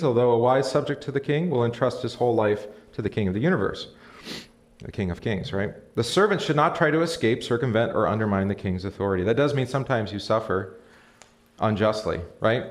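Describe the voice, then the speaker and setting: The speaker is a man with a medium-pitched, expressive voice and a brisk pace, teaching a casual Bible study as pastor. He converses with the room, reads verses aloud, asks questions and chuckles. A live stream mic records him in a church or classroom.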